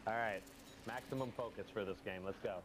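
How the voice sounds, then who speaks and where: A man playing a video game with a friend over voice chat, excitable and swearing often. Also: fairly low pitch, fairly quick, noisy background. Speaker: teammate on voice chat. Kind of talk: casual gaming chat.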